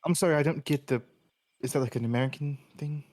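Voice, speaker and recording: A man's voice: on the high side, fast talker, a little mellow, close to an everyday voice. A man voicing a confident young female demigod chess rival with a put-on English accent, talking cockily between fillers. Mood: boastful. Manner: cocky, hesitant fillers.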